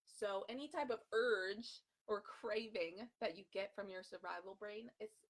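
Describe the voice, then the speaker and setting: A bubbly woman coaching viewers in a casual live video, chatty and upbeat with plenty of fillers. Her voice sits at an ordinary middle pitch. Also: unhurried. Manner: bubbly, chatty, laughs often, many fillers. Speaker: health coach.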